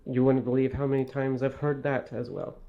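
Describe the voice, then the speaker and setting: An aloof Fae wanderer from far away, dry and evasive in every reply, as a man plays him in a tabletop game. The voice stays at an ordinary middle pitch. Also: level tone, a little fast, muffled recording, lightly acted. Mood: cool, wry. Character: aloof, mysterious Fae traveler.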